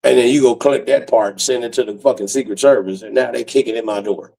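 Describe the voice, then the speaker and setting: A man's voice: mid-range voice, fast talker, vocal fry, warm tone, low-quality recording. A man talking to his viewers in a loose, profane, rambling late-night livestream chat, laughing often.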